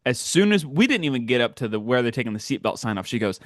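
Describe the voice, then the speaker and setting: Speaking fast in a mid-range voice, this man hosts a podcast and shares stories in a loose chat, performing the voices of those he quotes with lots of animation. The audio is dry and studio-clean.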